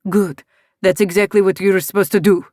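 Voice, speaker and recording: Narrator doing Dominic, calm protective mafia boss. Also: normal speed, dry recording, clean studio sound, close to an everyday voice. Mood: reassuring. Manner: steady, reassuring, low-key.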